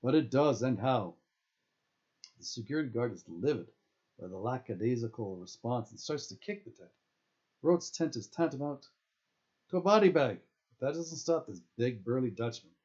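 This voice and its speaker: Reading from a novel he wrote himself, this man sounds animated and darkish at a medium pitch and a normal speed. It's an audiobook-style reading on a dull lo-fi recording, and he occasionally trips over words and fixes them mid-sentence.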